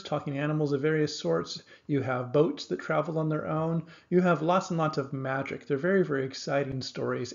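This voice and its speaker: A man's voice: on the high side, creaky. A man giving a recorded literature lecture, explaining steadily with some hesitations. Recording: dull lo-fi recording.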